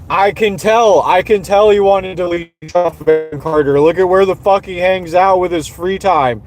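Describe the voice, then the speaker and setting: Profane, high-voiced man ranting heatedly. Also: normal speed, few pauses, a little hiss or hum. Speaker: streamer. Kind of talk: angry ranting monologue.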